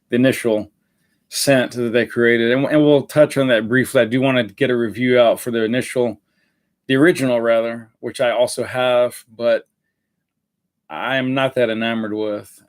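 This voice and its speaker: Guy doing a live cologne review, chatty and rambly, lots of uh and restarts, normal mid voice. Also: mid-range voice. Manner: rambling, many fillers and self-corrections. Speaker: fragrance reviewer.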